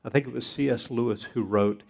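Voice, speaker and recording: Man, pastor, sermon, husky, gravelly, measured scripture reading. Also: medium pitch, fairly even intonation, darkish tone.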